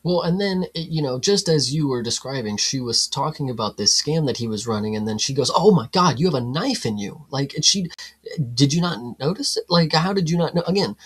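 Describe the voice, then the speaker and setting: A man co-hosting a casual film review chat, animated and profane, acting out scenes in mock voices. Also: medium pitch, brisk, breathy edge. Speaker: podcast co-host.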